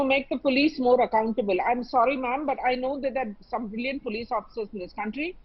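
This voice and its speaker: A woman with an Indian English accent argues emphatically on a televised panel, pausing on fillers. Her voice sits high and husky. The broadcast audio comes through slightly muffled. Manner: impassioned, emphatic, with many fillers. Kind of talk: televised debate.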